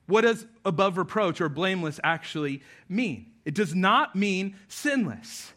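A male pastor preaching a sermon in a conversational, animated, self-deprecating way. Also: sits high.

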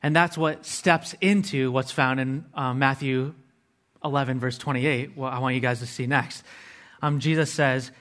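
A man's voice: mid-range voice, steady tone, moderate pace, fairly bright tone. Earnest man preaching a sermon. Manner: earnest, explains word meanings step by step; casual asides to listeners.

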